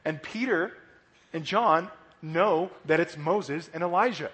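A man teaching kids at church in a lively, animated sermon that keeps checking in with "right?" and acts out little voices. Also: a little high, a little slow. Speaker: children's church pastor. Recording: long hall reverb.

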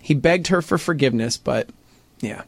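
A man casually retelling a news story to friends, animated and acting out quotes. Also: normal speed, vocal fry, no echo. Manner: animated, puts on voices for quotes, sweeping pitch jumps. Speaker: storyteller in a podcast chat.

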